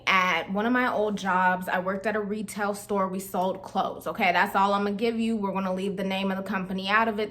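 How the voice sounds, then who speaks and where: A young woman vlogger telling a casual storytime, chatty and slangy, talking straight to her viewers. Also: medium pitch.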